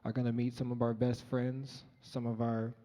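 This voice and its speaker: A man's voice: mid-range voice, completely flat delivery, moderate pace, warm tone. A young man from Colorado telling a personal story live on stage, earnest and conversational with frequent ums, through a stage microphone. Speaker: featured storyteller. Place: large event hall, on stage. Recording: dull, echoey live hall recording.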